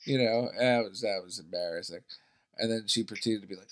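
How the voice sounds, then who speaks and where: Profane man telling an anecdote. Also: lowish voice. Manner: profane, animated anecdotes with quick asides. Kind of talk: casual chat, storytelling.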